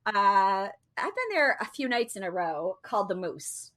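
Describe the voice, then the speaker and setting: A woman's voice: mid-range voice, big pitch swings, measured pace, fairly bright tone. A woman in a middle-range voice, telling a story to her podcast co-hosts. She talks casually and chattily, with plenty of "uh" and "you know" along the way. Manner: chatty, laughing, many fillers. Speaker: podcast co-host.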